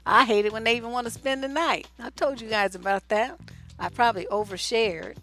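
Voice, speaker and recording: A middle-aged woman from Oakland speaks as a relationship coach, her voice pitched high and bright. She talks bluntly and animatedly to her viewers, laughing often. Faint music plays behind her. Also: fairly even intonation, brisk. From Oakland, California. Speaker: relationship coach and channel host. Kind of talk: casual advice talk to viewers.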